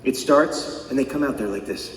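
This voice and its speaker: A man's voice: mid-range voice, moderate pace, slight background noise. A middle-aged man, a singer-songwriter, telling funny, profane stories between songs at a live concert, often laughing. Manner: laughing, profane, comic storytelling. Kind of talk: stage banter storytelling. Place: concert theater stage. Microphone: stage vocal mic. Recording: echoey hall from far off. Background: audience ambience.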